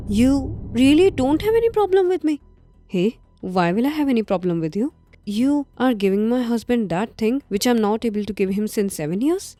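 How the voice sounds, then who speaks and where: An actress playing a composed wife who talks in a soothing, overly sweet way. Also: female voice, a little high, mellow, no room sound.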